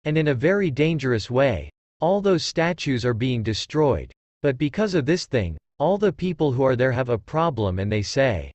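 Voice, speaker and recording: A man's voice: mid-range voice, big pitch swings, normal speed, hardly any pauses, a little mellow, no room sound. A man narrating a comic recap in a plain, repetitive retelling.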